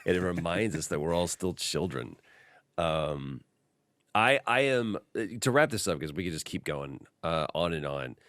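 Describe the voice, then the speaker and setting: A man with a very low voice chats casually as a podcast host. He tells animated stories and slips into the voices of the people in them. The sound is dry and close to the mic. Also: normal speed, no room sound. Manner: animated storyteller, acts out quotes. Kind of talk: casual chat.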